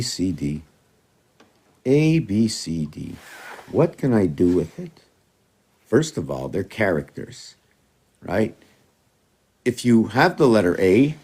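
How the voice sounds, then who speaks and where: A man's voice: lowish voice, a little mellow. A man in a rambling, casual monologue who talks to his cats in a raised, coaxing voice and jumps between loose ideas.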